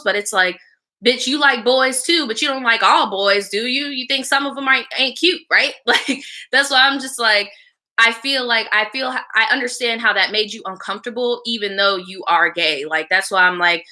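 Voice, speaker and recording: A woman's voice: on the high side, pushed and bright. A woman hosting a live show, reading a viewer's story aloud and then giving blunt, slangy advice while chatting back to viewers. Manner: blunt, casual and slangy, with frequent swearing; chats back to live viewers between lines.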